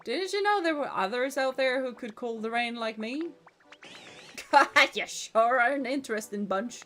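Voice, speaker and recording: A woman's voice: fairly high pitch, lively intonation, unhurried, sharp tone, soft background music. Woman doing a drawling, folksy ocean god. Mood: friendly. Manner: drawling folksy put-on accent. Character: ancient sleepy ocean god creature, folksy and easygoing.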